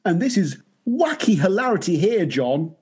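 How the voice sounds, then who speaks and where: A man's voice: high voice, very animated, normal speed, darkish tone, husky. A man hosting a podcast, chatting casually, joking and teasing, with frequent laughter. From Birmingham, England. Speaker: podcast host.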